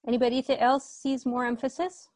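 A woman teaching Arabic grammar in an online class, chatty and quick to correct herself, often checking that the class agrees. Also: high-pitched, level tone, a little mellow, no echo. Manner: chatty, self-correcting, asks class to confirm.

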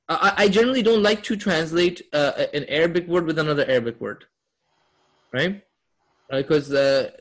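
A man teaching a class on Quranic Arabic, quizzing his students and laughing often. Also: mid-range voice. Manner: asks students questions, upbeat with laughs. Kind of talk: classroom lesson.

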